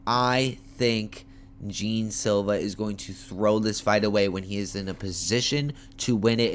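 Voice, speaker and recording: A man's voice: lowish voice, slight background noise. Tired, foul-mouthed man giving fight picks. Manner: animated, profane, playful trash talk. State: tired, yawning late at night. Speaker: MMA fight picks host. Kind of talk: casual fight preview talk. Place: homemade setup.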